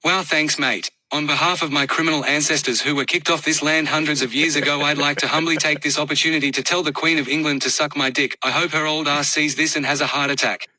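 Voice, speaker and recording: A brash Australian golf champion, done by a man in a put-on accent delivers crude, mock-formal thanks. His voice sits slightly high and stays flat in pitch. It is tense and bright, recorded close and dry. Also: fast, hardly any pauses, no echo, low-quality recording. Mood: cheeky. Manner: mock-formal, profane joking speech.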